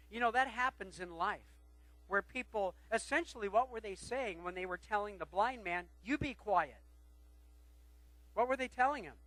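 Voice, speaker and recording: High-pitched guy preaching, gets loud then drops quiet, dead dry mic. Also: normal speed, no echo, poor audio. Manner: preaching with swings between loud calls and quiet asides. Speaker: pastor. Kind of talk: sermon.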